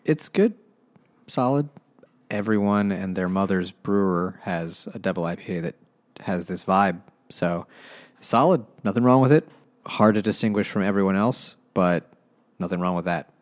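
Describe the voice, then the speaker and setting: A man's voice: low voice, moderate pace. A man co-hosting a podcast in casual chat, with a dry, offhand way of talking. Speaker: podcast co-host.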